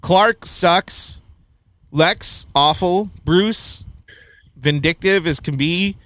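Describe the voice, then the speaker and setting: A fairly high-voiced man talking slowly and bluntly in a casual review chat, laughing between his opinions. The sound is dry and close, with no room around it. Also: fairly bright tone, no room sound. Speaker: podcast host reviewing a film.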